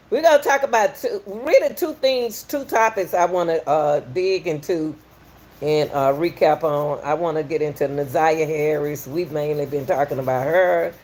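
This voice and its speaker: A middle-aged Southern woman from Atlanta hosts a live stream, greeting viewers again and again in a homey, country way. Her voice sits a little low for a woman. She talks loosely and casually with her audience. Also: measured pace, a little mellow, a little hiss or hum. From Atlanta, USA. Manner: welcoming, repetitive, folksy, reads out chat. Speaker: podcast host.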